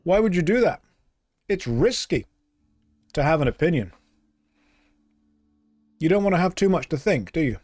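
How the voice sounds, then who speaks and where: A man's voice: fairly high pitch, sing-song, moderate pace, pauses often, a little mellow, dry recording, soft background music. Dry, sarcastic man streaming. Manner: dry, sarcastic banter with chat. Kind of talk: casual gameplay stream chat.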